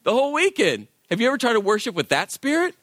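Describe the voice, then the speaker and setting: A man's voice: very high-pitched, fast talker, no echo, studio quality. A man, a worship leader, telling a personal story as a sermon and acting out the voices of people in it. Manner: animated, acts out quoted voices.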